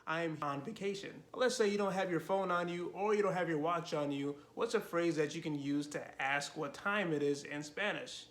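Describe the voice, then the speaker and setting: A man teaching beginner travel phrases, modeling each one slowly and carefully before translating it. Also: on the high side, fairly bright tone. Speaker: Spanish teacher. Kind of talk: language lesson to camera.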